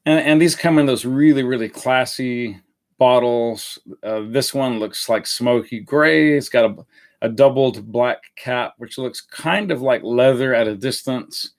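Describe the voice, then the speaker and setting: A man's voice: medium pitch, measured pace. A man hosting a live fragrance review in a casual, rambling way, with many fillers and self-corrections.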